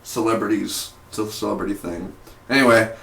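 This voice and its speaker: A young man casually reviewing a TV episode, rambling and excitable, with lots of "like" and "man". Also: fairly low pitch, a little fast, creaky. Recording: echoey room.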